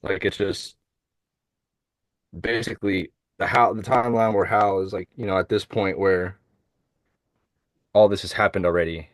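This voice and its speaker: A man's voice: sits low, fairly even intonation, moderate pace, pauses often, no room sound, studio quality. A man co-hosting a casual podcast, chatting about comics with lots of fillers and restarts over a remote call. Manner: rambling, many fillers and restarts. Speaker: podcast co-host. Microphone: remote call over shaky internet.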